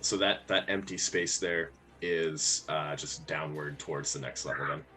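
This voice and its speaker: Male player, very low voice with a bright edge, teasing table talk. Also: level tone, normal speed. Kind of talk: casual tabletop game chat.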